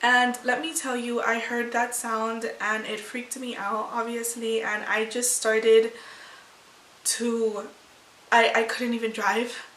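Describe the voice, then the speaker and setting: A woman's voice: fairly high pitch, level tone, takes it slowly, fairly bright tone, a little hiss or hum. A young woman vlogger telling a personal story to camera in a rambling, emotional way with many restarts. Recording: echoey room, far from mic.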